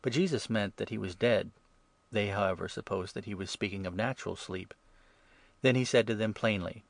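A man reading scripture aloud in a steady, even narration. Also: on the low side, brisk, vocal fry, dry recording. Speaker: reader.

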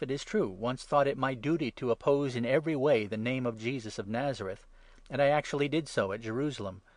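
Paul the apostle pleading his case in earnest, measured phrases, spoken in a medium pitch with a dry, close sound, as a male reader takes the part. The delivery stays steady and sincere rather than theatrical, like a storybook recording. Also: no room sound, lightly acted.

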